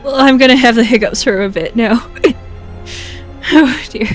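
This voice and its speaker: A woman's voice: fairly high pitch, moderate pace, soft background music. A woman streaming a game, chatting casually in a playful, giggly way. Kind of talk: casual live-stream chat.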